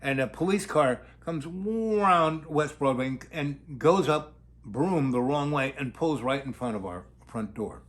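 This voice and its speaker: Older male storyteller, slightly high voice, meandering, acts out quotes. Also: animated, a little slow, a bit bright. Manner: loose, digressive, acts out quotes. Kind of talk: rambling anecdote telling.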